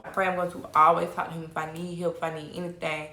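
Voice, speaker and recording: A woman guest gives emphatic, straight-talking advice in a lower, forceful voice. Her words ring out in a room with a clear echo. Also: flat delivery, quick pace. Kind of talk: casual chat. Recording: roomy echo.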